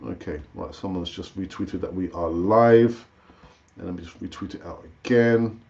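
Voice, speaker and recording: A man hosting a casual live-stream football chat, chatty and animated, rambling with fillers and restarts, his pitch jumping up when he gets excited. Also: moderate pace, gravelly, dull audio. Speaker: football channel host.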